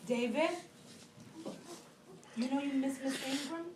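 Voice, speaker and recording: A woman's voice: high-pitched, unhurried, echoey room, far from the mic, background noise. A woman teacher crying as she talks to her class, pleading and scolding the children in turn. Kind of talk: emotional classroom farewell speech.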